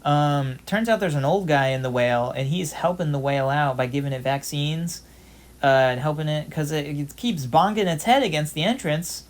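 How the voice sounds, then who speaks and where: A man's voice: a little high, normal speed. Rambling young man chatting over gameplay. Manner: rambling, filler-heavy storytelling with frequent "um" and "like"; loose, swears casually. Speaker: gameplay channel host. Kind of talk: casual gameplay commentary.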